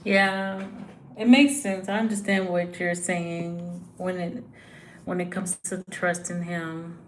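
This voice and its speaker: A young woman, giving a casual, halting tarot reading full of fillers and sighs. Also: fairly low pitch, steady tone, slight background noise, low-quality recording. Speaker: tarot reader. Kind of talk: live tarot reading chat.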